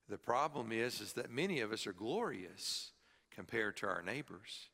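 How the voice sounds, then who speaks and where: A man's voice: fairly low pitch, moderate pace, creaky, bright, forceful tone, in a large hall. A man preaching a sermon to a congregation in a church, with emphatic stress on key words. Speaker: pastor. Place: church sanctuary, also filmed. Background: congregation present.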